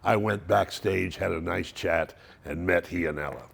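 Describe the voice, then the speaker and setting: A man's voice: deep voice, normal speed, creaky, fairly bright tone, slightly rough. A man in his seventies telling stories in a monologue, with wry, dry humor. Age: 70s. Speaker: narrator of a yearly family letter. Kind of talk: storytelling monologue.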